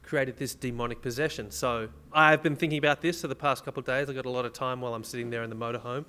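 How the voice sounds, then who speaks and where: A man with an ordinary middle-pitched voice co-hosts a comedy podcast. He trades crude jokes in loose banter and reads a news story aloud. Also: fairly even intonation, fast talker, pushed and bright, smooth. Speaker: podcast co-host.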